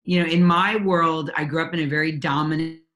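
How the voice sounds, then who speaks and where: A woman's voice: low voice, steady tone, a little fast, a bit bright. A woman in her forties, a parent coach, telling her personal story in an interview, earnest and candid with frequent ums and restarts. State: near tears at times.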